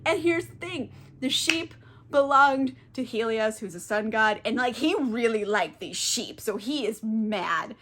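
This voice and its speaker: A woman's voice: a little high, animated, measured pace, fairly bright tone. Tipsy, giggly woman book vlogger. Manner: rambling, profane, giggly. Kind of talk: casual comedic book recap.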